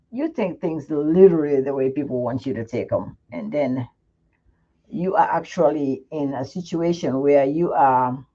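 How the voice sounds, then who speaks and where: Low-pitched and mellow, a middle-aged skincare channel host speaks frankly to her viewers from home, venting in a relaxed livestream chat. The audio comes through muffled and lo-fi.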